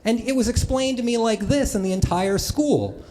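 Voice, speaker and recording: A man's voice: extremely high pitch, normal speed, background noise. A man from the US Midwest telling comic stories about himself on stage to a live audience, chatty and self-mocking, with asides to the crowd. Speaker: storyteller at a live talk. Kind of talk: comic personal storytelling to an audience.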